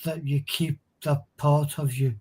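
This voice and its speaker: Husky man chatting. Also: a little high, flat delivery, measured pace, a little mellow. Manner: conversational, reacts with short interjections. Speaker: show co-host. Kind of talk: casual chat.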